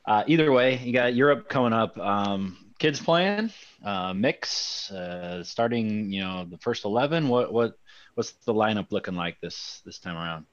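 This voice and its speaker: A man's voice: lowish voice, expressive, unhurried, dry recording, lo-fi sound. A man hosting a casual football podcast, talking hesitantly with many fillers. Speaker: podcast host.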